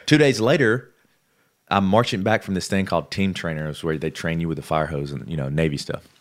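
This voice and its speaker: A man's voice: sits low, brisk. A man, a podcast guest, telling a story in casual talk and acting out the people he quotes. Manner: lively, acts out the people he quotes.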